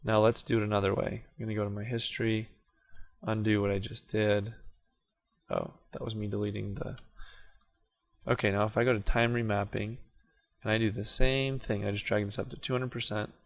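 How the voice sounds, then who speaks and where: In this casual screen-recorded software tutorial, a man with a fairly low, creaky voice speaks fairly quickly as he walks through video editing. He narrates his clicks in a relaxed way, occasionally correcting himself.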